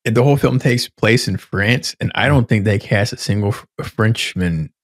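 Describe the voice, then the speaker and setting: A man in his thirties co-hosts a podcast, talking in loose, rambling casual chat and swearing easily. His voice sits on the low side. The sound is dry and close, with no room heard. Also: normal speed, no room sound. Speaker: podcast co-host.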